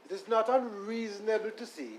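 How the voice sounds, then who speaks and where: Man, courtroom lawyer, measured and deferential, fairly high voice, faint background hiss. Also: poor audio. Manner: deferential, measured, reads submissions aloud. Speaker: defense attorney. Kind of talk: courtroom legal argument.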